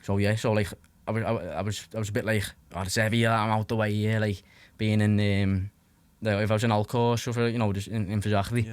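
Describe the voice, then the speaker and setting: A man's voice: fairly low pitch, flat delivery, fast, few pauses, no room sound. Young rambling man with a Scouse accent. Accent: Liverpool (Scouse). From Liverpool, England. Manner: rambling, heavy fillers and restarts, swears freely. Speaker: podcast guest, musician. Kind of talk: casual storytelling.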